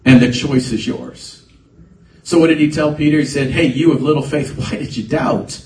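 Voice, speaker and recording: A pastor with a fairly high voice preaches a conversational sermon at normal speed, building toward emphatic bursts. He's recorded from a distance in an echoey church sanctuary with faint ambience.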